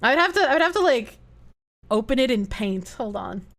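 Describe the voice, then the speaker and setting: Woman streamer, lively pitch, profane casual chat. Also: brisk. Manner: animated, profane, reacting to videos. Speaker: livestreamer.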